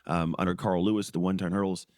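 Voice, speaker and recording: A man in his forties tells his story quickly in a low voice, jumping into other people's lines as he acts them out. He laughs easily and keeps the story moving. The sound is dry and close, with no room around it. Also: no room sound. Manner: animated, acts out quoted voices, laughs often. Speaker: podcast guest, former pro football player. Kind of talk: storytelling in casual interview.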